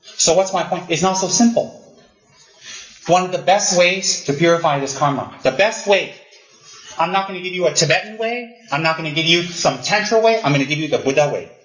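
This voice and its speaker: A man teaching Buddhism to students, animated and teasing, often repeating himself for emphasis. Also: on the high side, fairly quick. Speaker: Buddhist lama. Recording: roomy, dull lo-fi hall recording.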